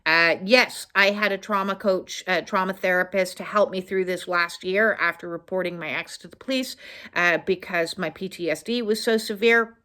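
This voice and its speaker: A woman's voice: fairly low pitch, steady tone, moderate pace, sharp tone. A woman trauma-healing coach giving a casual self-help talk, earnest and direct, often checking in with "okay?" and talking through her inner dialogue. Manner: talks through inner dialogue, frequent "uh" fillers.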